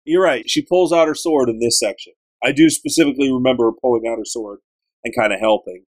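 A man chatting casually on a gaming podcast, retelling a story with animated, joking energy. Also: medium pitch, fast talker, slightly rough. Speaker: podcast co-host recapping a game.

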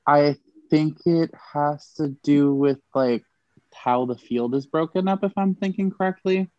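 A man's voice: on the high side, a little slow, no echo, dull audio. A man co-hosting a podcast, making dry jokes in a casual chat.

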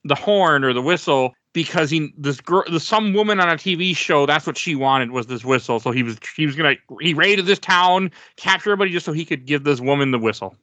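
A man's voice: a little high, a little fast, few pauses, sharp tone, no room sound. A man co-hosting a casual chat about video games, telling stories with frequent restarts.

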